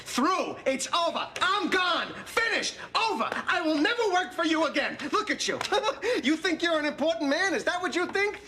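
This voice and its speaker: An actor playing a frantic man who quits his job in a rage, ranting and shouting insults at his boss. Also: very high voice, sing-song, normal speed. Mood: furious. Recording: noisy clip from a TV sitcom.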